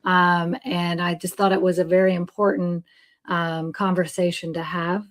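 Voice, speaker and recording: A woman with a somewhat low voice hosts a faith-based podcast conversation. She speaks gently and reflectively, often pausing with soft ums as she gathers her thoughts. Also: level tone. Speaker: host.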